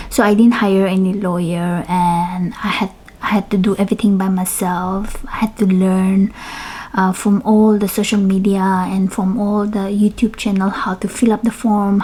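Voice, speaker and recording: A young woman vlogging at home, telling a personal story in a chatty, animated way, with fillers and quiet whispered asides. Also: mid-range voice. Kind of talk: casual storytelling.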